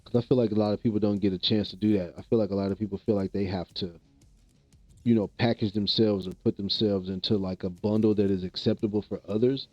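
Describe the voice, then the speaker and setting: A man's voice: on the low side, fairly even intonation, fast talker, a little mellow, no echo, lo-fi sound, soft background music. A man from the American Midwest chatting casually with viewers on a livestream, laid-back and rambling, often repeating himself. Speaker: streamer.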